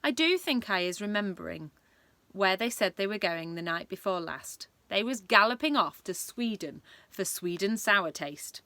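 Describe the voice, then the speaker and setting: A woman voicing a big, gentle male giant who talks with muddled grammar in a storybook reading. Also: mid-range voice, lively intonation, moderate pace, no echo. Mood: earnest. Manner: folksy, ungrammatical speech.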